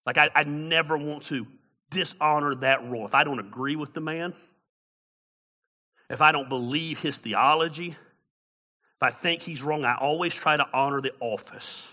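A male pastor preaching a sermon who stammers and restarts often, swinging between loud, high preaching and quiet storytelling. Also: normal speed, pauses often.

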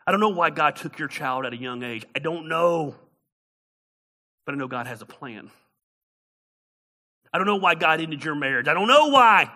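Brief: male pastor preaching, high and very bright, loud then hushed, stammering restarts. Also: moderate pace, long pauses. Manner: swings between loud, high-pitched preaching and quiet storytelling. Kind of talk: sermon.

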